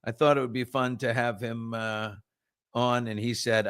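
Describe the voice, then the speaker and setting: A middle-aged man from New York with a New York accent, hosting a morning chat show and telling stories in an animated, casual way. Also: mid-range voice, moderate pace, clean tone, no echo, clean studio sound. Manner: animated storyteller, reads viewer comments aloud.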